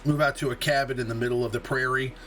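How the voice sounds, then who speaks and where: Over music, a male host chats fast about a mobile game on a relaxed live stream. His mid-range voice keeps a fairly even intonation, and he peppers his speech with fillers like "uh" and laughs at his own remarks.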